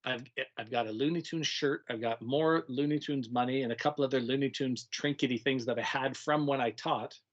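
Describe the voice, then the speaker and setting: Animated middle-aged man, slightly dull audio. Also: mid-range voice, fairly quick, hardly any pauses. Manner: animated, acts out kids' voices, laughs often. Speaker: retired teacher, guest. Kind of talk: casual storytelling conversation.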